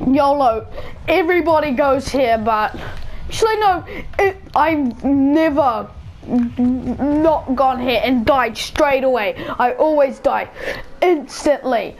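A woman giving rambling, excitable live commentary over her own gameplay, bursting into shouts now and then. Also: high voice, slow. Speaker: gaming channel host.

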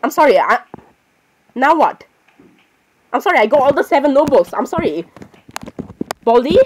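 A woman giving casual, excitable commentary while playing a game, apologizing constantly and talking to herself. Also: high voice, moderate pace, a little hiss or hum. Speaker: gamer.

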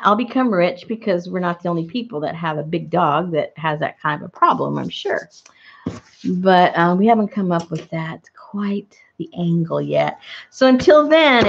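Chatty woman with a gravelly voice. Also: on the low side, fairly bright tone, highs cut off. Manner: chatty, laughs often, rambling asides. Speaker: crafting vlogger. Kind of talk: casual chat while crafting.

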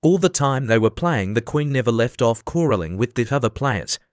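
A man narrating a classic storybook audiobook in a measured, even way. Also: mid-range voice, no echo. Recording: dry close studio sound.

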